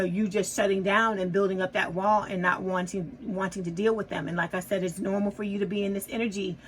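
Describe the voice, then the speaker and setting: A woman's voice: mid-range voice, a little hiss or hum, rough recording. Chatty woman doing a tarot reading. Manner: chatty, reassuring, says "okay?" often. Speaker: tarot reader. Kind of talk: casual tarot reading to viewers.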